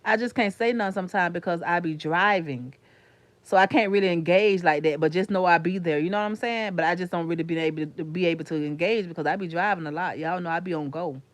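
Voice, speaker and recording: A woman from Florida with a lowish voice and a Florida accent chats casually with her livestream viewers. This YouTuber rambles to her live chat, calling them honey and sugar, and the recording has no echo.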